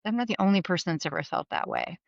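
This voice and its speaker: A middle-aged woman with a fairly low voice, talking as a guest on an interview podcast. She tells lively stories, jumps into the voices of the people she quotes, and laughs as she goes. The sound is dry and slightly dull. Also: fast, gravelly, no room sound. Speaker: guest, mortgage business leader. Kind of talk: candid storytelling interview.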